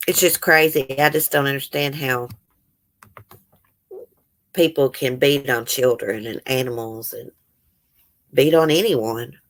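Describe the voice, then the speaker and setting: Low-voiced emotional woman. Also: unhurried, pauses often. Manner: emotional, reads news aloud and comments bluntly. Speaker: channel host. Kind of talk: casual true-crime commentary.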